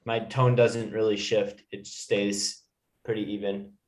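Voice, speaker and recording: Patient American English teacher. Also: male voice, fairly low pitch, little pitch movement, measured pace, a little mellow. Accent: General American. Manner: patient, explanatory, many fillers. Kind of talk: one-to-one online lesson.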